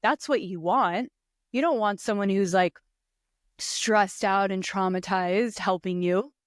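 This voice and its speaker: Smooth-voiced reflective woman guest. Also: mid-range voice, measured pace, no echo. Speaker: podcast guest, spiritual practitioner. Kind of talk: casual conversation.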